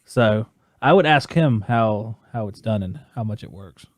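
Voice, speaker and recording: A man's voice: fairly low pitch, expressive, unhurried, dry recording. Man making wry remarks. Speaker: podcast producer. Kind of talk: casual chat.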